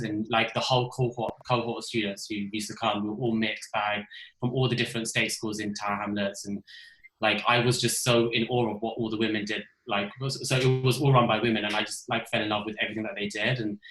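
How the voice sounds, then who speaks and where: A man's voice: fairly low pitch, sharp tone, echoey room, poor audio. A young man from London with a London accent, chatting casually on a video-call panel with lots of fillers. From London, Isle of Dogs. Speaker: ethical designer, panel guest. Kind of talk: webinar panel discussion.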